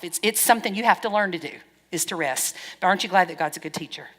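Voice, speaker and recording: A middle-aged woman pastor preaching a sermon, frank and lively, acting out bits of dialogue as she goes. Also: on the low side. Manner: lively, frank, wry storytelling with quoted dialogue. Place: church hall. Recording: long church-hall reverb.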